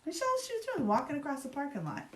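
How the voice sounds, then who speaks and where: A woman's voice: high voice, huge pitch swings, very fast. A woman from Virginia hosting a live craft demo, chatting in a rambling, upbeat way while she works. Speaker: craft livestream host. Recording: roomy echo.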